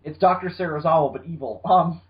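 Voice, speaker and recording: A man co-hosts a casual movie podcast, rambling with lots of ums, swearing and joking asides in jokey voices. His voice is a little high and a little fast, and the sound is lo-fi.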